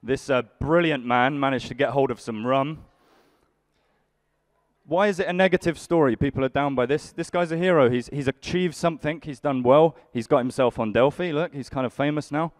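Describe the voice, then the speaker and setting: A man's voice: medium pitch, moderate pace, dry recording. A young man doing live stand-up comedy, grumpily bantering with the audience in a dry way. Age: young adult. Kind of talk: live stand-up with crowd work.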